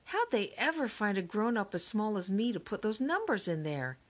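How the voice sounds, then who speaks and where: A woman's voice: medium pitch, big pitch swings, moderate pace, voice pushed up. A woman reading an audiobook, voicing a small, stubborn young boy who gives blunt, short answers.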